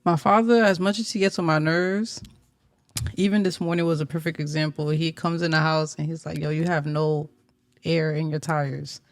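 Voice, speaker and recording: A laid-back man in casual podcast chat, his voice gravelly with fry. He reflects calmly and drops into easy slang, and the sound is dry and close. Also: a little high, moderate pace, dry recording. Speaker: podcast co-host.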